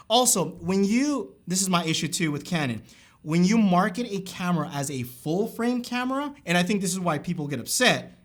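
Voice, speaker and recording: A young man with a fairly high voice vents his opinion about a camera straight to his viewers. He talks casually and emphatically, as if chatting with friends in the comments. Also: fairly bright tone. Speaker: camera review vlogger.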